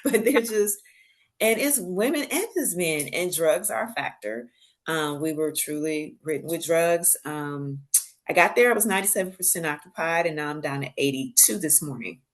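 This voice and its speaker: A woman with a fairly low voice tells stories animatedly in a casual podcast chat. She acts out the voices of the people she quotes and laughs as she talks. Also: lively intonation, moderate pace. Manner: laughs while telling stories. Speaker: podcast guest. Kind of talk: casual storytelling conversation.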